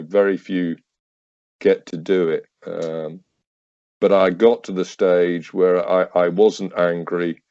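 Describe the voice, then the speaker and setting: A man's voice: deep voice, warm tone, no room sound, muffled recording. A man in his fifties, a podcast guest and army veteran, telling anecdotes with wry, acted-out dialogue and hesitant restarts. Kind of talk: casual anecdotal storytelling.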